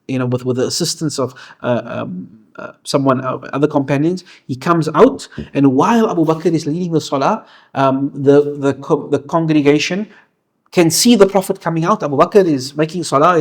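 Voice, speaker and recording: Male religious teacher, slightly high voice, earnest storyteller who stumbles and restarts often. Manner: earnest, frequent restarts and fillers. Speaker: Islamic teacher. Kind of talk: lecture storytelling.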